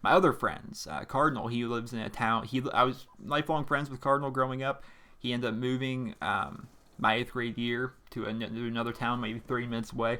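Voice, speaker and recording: A man's voice: mid-range voice, steady tone, a little fast, bright, forceful tone. A young man from Pennsylvania chats to camera from his home gaming setup. His talk is loose and rambling, full of fillers and restarts, as he answers viewer letters into a desk microphone. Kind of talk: casual to-camera chat. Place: home gaming room with a squeaky chair. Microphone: desk microphone in front of monitor.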